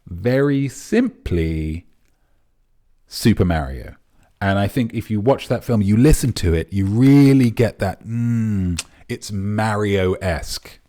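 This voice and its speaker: A man's voice: lowish voice, takes it slowly, dark tone. A man hosting a comic live quiz in a pompous, rambling, mock-serious manner. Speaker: quiz host.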